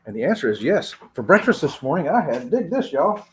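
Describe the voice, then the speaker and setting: Husky, lively man hosting a livestream. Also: mid-range voice, fairly quick. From Florida. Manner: chatty, laughing, calls viewers y'all. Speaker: travel channel host. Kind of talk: casual livestream chat. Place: hotel room.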